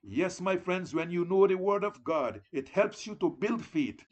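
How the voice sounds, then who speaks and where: Husky, lively-pitched male preacher. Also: a little slow. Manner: earnest, exhorting, repeats "beloved". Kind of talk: sermon.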